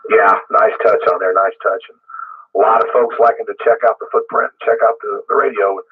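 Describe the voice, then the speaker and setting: Husky-voiced man calling in over tinny radio. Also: on the low side, fairly even intonation, brisk. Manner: friendly, easygoing on-air chatter. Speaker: radio net caller. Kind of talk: casual ham radio check-in.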